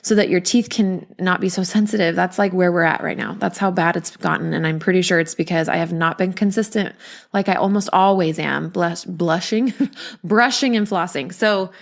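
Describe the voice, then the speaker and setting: A woman's voice: lowish voice, normal speed, vocal fry. A woman in her thirties and a postpartum mother, talking openly and chattily as a podcast host, with many "like" fillers. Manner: open, chatty, frequent "like" fillers. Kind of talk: candid personal monologue.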